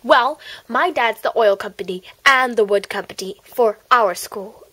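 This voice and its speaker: A woman's voice: a little high, measured pace, a bit bright, low-quality recording. A woman voicing a spoiled, bratty popular schoolgirl in an amateur homemade play, snotty and boastful, sometimes hissing in whispers.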